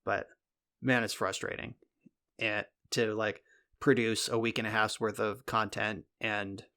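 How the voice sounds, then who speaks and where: A man's voice: lowish voice, level tone, a little slow, pushed and bright. A man co-hosting a podcast in casual chat, rambling with lots of fillers and the odd swear, speaking from a home recording room. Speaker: podcast co-host.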